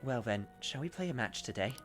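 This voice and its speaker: A man quietly reading a composed shogi girl. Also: medium pitch, lively intonation, soft background music, close to an everyday voice. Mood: calm. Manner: quiet, measured reading of game dialogue. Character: calm, composed young female shogi player.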